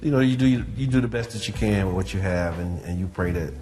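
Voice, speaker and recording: A man with a low, deep voice reflects on his radio show in easy interview talk. He fills his sentences with "you know" as he thinks aloud. Quiet music runs beneath him. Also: a little fast. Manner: thoughtful, many "you know" fillers.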